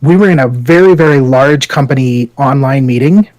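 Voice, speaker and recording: A man's voice: mid-range voice, moderate pace, a little mellow, no room sound, low-quality recording. A man co-hosting a podcast, chatting casually, telling stories with profanity and frequent laughter. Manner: profane, storytelling, laughs often. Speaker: podcast co-host. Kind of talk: casual chat.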